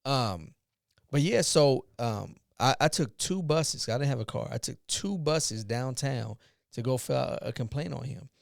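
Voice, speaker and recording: Animated man in his forties telling a story. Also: medium pitch, a little slow, creaky, no room sound, clean studio sound. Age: 40s. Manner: animated retelling, acts out dialogue. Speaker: podcast host. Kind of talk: casual storytelling chat.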